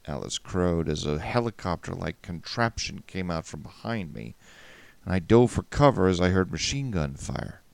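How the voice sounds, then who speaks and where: Man reading a story aloud, very deep voice, gravelly, wry, dry close mic. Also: animated, moderate pace, darkish tone. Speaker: narrator. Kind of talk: first-person story reading.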